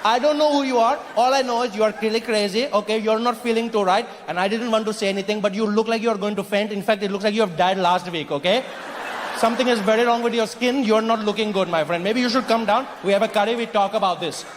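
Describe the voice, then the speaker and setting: A man's voice: high voice, fast, background noise, natural voice. Comedian doing a teasing local man. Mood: mocking. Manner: bossy, teasing, clipped grammar. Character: blunt Indian local man, mocking. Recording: echoey hall, crowd laughter.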